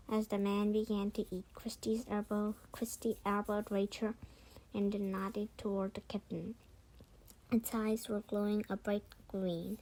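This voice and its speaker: Slow-reading woman narrator. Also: medium pitch, flat delivery, warm tone, poor audio. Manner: unhurried, with frequent slips and self-corrections. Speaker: read-aloud narrator. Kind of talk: reading a children's book aloud.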